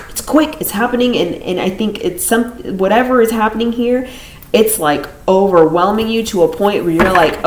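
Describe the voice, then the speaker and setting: A woman's voice: mid-range voice, darkish tone, slight background noise. A woman giving a casual tarot reading to camera, rambling and repeating phrases, often laughing between thoughts. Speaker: tarot reader. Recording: roomy echo.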